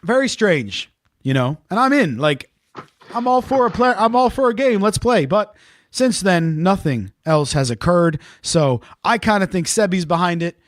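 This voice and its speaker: This podcast co-host has a high-pitched voice with lively intonation, a moderate pace, and no echo. He's chatty and playful in a casual podcast chat, steering the conversation himself.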